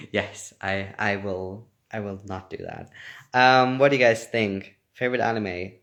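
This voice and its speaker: A man's voice: fairly low pitch, a bit bright. A young man chatting casually on a livestream, reading fan comments aloud and laughing often. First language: German. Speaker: actor answering fan questions.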